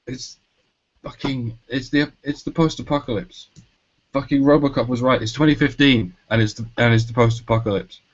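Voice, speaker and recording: Sarcastic, profane male co-host, mid-pitched, lo-fi podcast audio. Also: steady tone, normal speed. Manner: sarcastic, swearing, mocking. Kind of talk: sarcastic rant. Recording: dull lo-fi audio.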